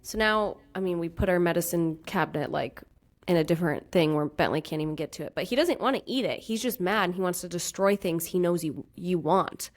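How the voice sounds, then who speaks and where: A woman's voice: on the low side, fairly quick. Chatty woman in her thirties. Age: 30s. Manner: animated storytelling, acts out quoted dialogue. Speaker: podcast co-host. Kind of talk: casual chat.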